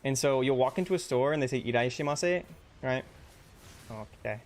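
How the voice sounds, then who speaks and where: A man's voice: mid-range voice, normal speed, darkish tone. Chatty young man streaming a game. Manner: chatty, answers viewers' questions between rounds with many fillers. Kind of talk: casual live-stream chat while gaming.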